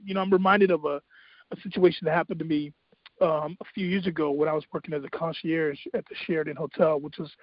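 A man's voice: on the high side, no echo. A man hosting a talk radio show, telling a personal story in an earnest, faith-driven way with many fillers. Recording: dull, dry lo-fi radio sound.

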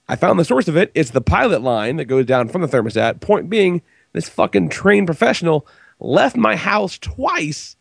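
A man who sounds sick tells a story in a gravelly, fed-up way, swearing all the way through. His pitch swings widely and rides a bit high. The sound is dry and close. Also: no room sound. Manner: profane, exasperated storytelling. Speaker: podcast host. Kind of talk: casual chat.

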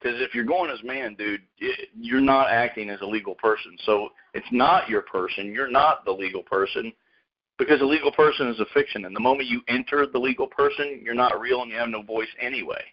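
A man's voice: medium pitch, a little fast. A man hosting a radio show, talking in a rambling, casual way and calling people dude and man. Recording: muffled lo-fi radio audio.

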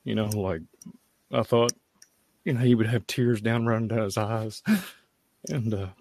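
Halting man giving testimony. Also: on the low side, fairly even intonation, gravelly, a little mellow, no echo. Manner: halting, heartfelt, many fillers. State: tearful at times. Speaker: prayer meeting speaker. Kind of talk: personal testimony.

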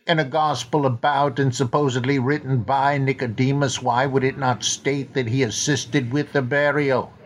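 A man's voice: medium pitch, lightly acted. A man putting on a grand Welsh reading voice. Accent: Welsh, put on. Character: self-admittedly poor impression of a grand Welsh actor reading a letter.

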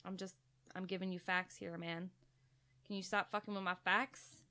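A woman's voice: on the low side, flat delivery, moderate pace, bright, forceful tone. A woman co-hosting a casual podcast, rambling through strange stories and trivia, giggling and swearing freely. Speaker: podcast co-host.

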